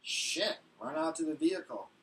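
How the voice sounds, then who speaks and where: A man's voice: a little high, expressive, moderate pace, a bit bright, distant mic, slight background noise, low-quality recording. A man doing stand-up, telling a profane, ranting story and acting out phone calls. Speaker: stand-up comedian.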